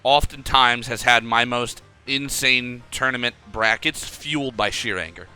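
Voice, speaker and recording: A young man coaching a player over a call in a casual, animated way, often acting out his own thoughts aloud. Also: medium pitch, a little slow, clean tone, faint music behind.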